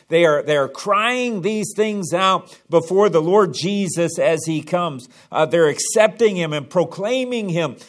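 A man with a slightly high voice preaches from the pulpit of a church. He builds to emphatic peaks, stumbling over repeated words and filling gaps with "uh" along the way. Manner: preaching with rising emphasis and frequent "uh" pauses. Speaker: pastor. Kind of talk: sermon. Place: church sanctuary.

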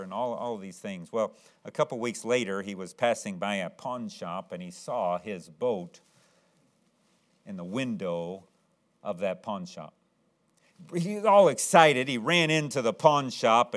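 Earnest male preacher telling a story. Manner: earnest storytelling preacher, voice rising high when excited. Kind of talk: sermon with an illustration story.

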